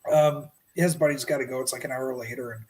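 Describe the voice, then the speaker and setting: A middle-aged man telling a paranormal story as a podcast guest, lively and animated, acting out his own shouts. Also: mid-range voice, quick pace, poor audio.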